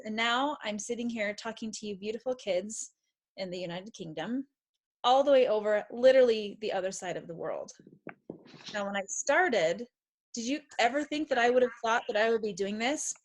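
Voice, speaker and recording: A woman's voice: medium pitch, moderate pace. A middle-aged woman confidence coach answering questions on a video call in an enthusiastic, encouraging, emphatic way.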